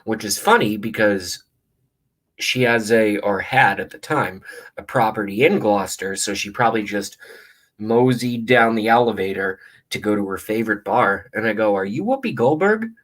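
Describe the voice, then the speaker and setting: A man's voice: lowish voice, fairly even intonation, normal speed, fairly bright tone. A man vlogging, telling a rambling story in a blunt, casual way with lots of fillers. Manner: rambling, blunt, swears often, many fillers. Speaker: vlogger reacting to videos.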